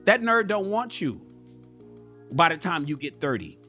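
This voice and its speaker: An animated male livestream host whose voice sits fairly high, emphatic and profane as he lectures his viewers directly. Faint music runs underneath. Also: measured pace. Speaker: livestream talk show host. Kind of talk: casual livestream commentary.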